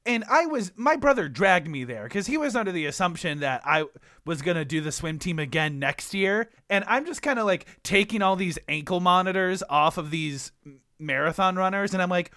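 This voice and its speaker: Podcast guy, high lively voice, giggly casual chat, dry sound. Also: moderate pace, dry recording. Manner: laughs often, animated. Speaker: podcast co-host. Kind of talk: casual banter.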